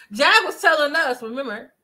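A woman giving casual gossip commentary to her viewers, chatty and animated as she retells events. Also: high voice. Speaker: commentary vlogger.

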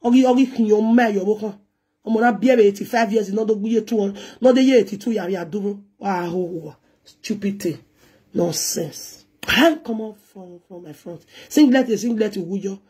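A Nigerian woman presenter with a husky, breathy voice rants straight to her viewers. She scolds and throws insults in Pidgin English, then drops into chanted lines. Her pitch sits in an ordinary middle range. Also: normal speed, darkish tone. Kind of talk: ranting monologue.

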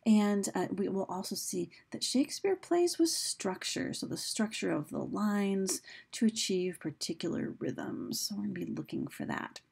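A woman teacher talks through a recorded lesson in an easygoing, explanatory way, stopping to restart her sentences now and then. Her voice is mellow and warm, with a gravelly edge and a slightly husky texture. When she reads quoted lines, she gives them dramatic emphasis. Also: mid-range voice, lively intonation, moderate pace, few pauses. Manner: casual, explanatory, with fillers and restarts.

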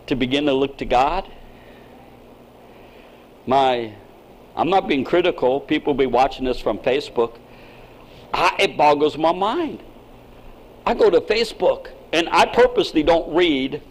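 A pastor, an older man, preaching a sermon in an emphatic style that swings from quiet asides to shouting. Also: fairly high pitch, animated, a little slow, pauses often, poor audio.

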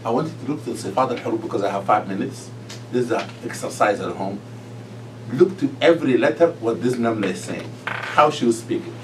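A man's voice: medium pitch, brisk, background noise. A middle-aged man, an imam, teaching a class on Quran recitation, quizzing his students and breaking into chanted verses. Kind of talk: lively classroom lesson.

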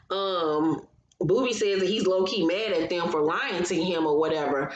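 A woman's voice: fairly low pitch, moderate pace, echoey room, lo-fi sound, slight background noise. A woman recapping a reality show in casual commentary, blunt and profane, getting heated as she gives her opinions.

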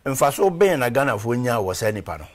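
A man's voice: mid-range voice, very animated, quick pace. A man, a reverend and former footballer, talking as an interview guest in a rambling storytelling way and stopping to search for names. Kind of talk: conversational interview.

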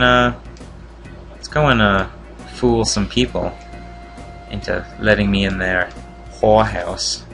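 A man's voice: fairly low pitch, vocal fry, fairly bright tone. A man casually commenting on a video game walkthrough, making wry, joking asides as he plays. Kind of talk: casual let's-play commentary.

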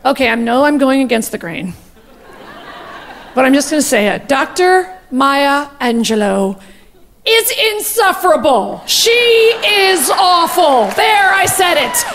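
A woman comedian doing stand-up, telling a gossipy story in a rapid, brash and profane way. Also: high-pitched, animated, gravelly, in a large hall, slight background noise.

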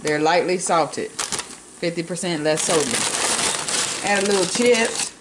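Slow, chatty woman cooking at home. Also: on the low side, animated, very noisy. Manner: homey, chatty, talks with mouth full. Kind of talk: casual cooking demonstration.

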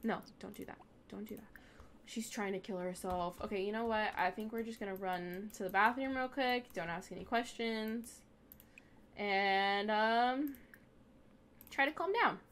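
A woman's voice: mid-range voice, measured pace, a bit bright, a little hiss or hum. A young woman hosting a gaming video, casually commenting on her play and scolding the game characters as she goes. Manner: chatty, talks back at the game characters.

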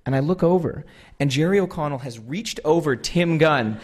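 A man's voice: a little high, lively intonation, moderate pace. A man in his thirties with an American accent, telling a comic, self-deprecating story to a live audience and acting out the dialogue. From United States. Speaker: guest speaker.

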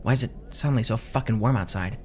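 A man giving scripted second-person horror narration in a measured, tense way. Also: medium pitch, darkish tone, slight background noise.

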